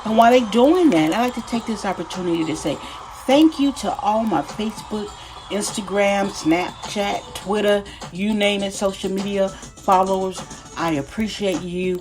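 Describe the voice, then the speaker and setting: Over music, a woman from Texas talks at a normal speed in a mid-range voice, hosting her podcast as a life coach. Her Southern accent comes through in an upbeat, folksy, enthusiastic monologue with repeated greetings.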